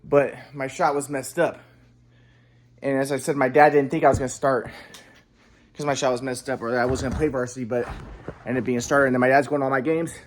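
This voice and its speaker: A man's voice: mid-range voice, steady tone, fast, long pauses, reverberant, slight background noise. A man telling a personal story in a casual, rambling monologue, repeating himself while demonstrating moves.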